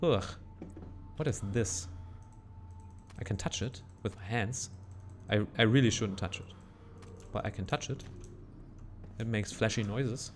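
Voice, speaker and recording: A man's voice: fairly low pitch, a little slow, long pauses, slight background noise. A man narrating his horror game playthrough, muttering reactions, correcting himself and reading in-game text aloud. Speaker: gaming channel host. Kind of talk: let's play commentary.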